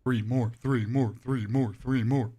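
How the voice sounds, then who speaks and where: A man streaming a game live and chatting to his viewers while playing, his voice pushed deeper and hoarse, with little emphasis. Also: fairly even intonation, a little slow, mellow. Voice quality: voice pushed deeper than usual, less emphasis. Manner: chatty, rambling, talks to chat while playing. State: voice sounds off, hoarse. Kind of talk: live gameplay commentary to chat.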